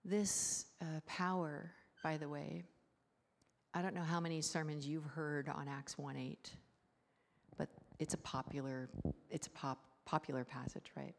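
A woman pastor preaching a casual, conversational sermon, her voice sitting low for a woman. She keeps asking the room rhetorical questions. The church sound carries a long, echoing reverb. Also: measured pace, creaky. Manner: lively, many rhetorical questions, quiet guided breathing.

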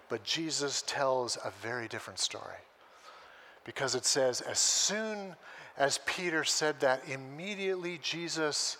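A man preaching a sermon as a pastor, telling a story with lively energy and acting out the voices he quotes. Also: fairly high pitch.

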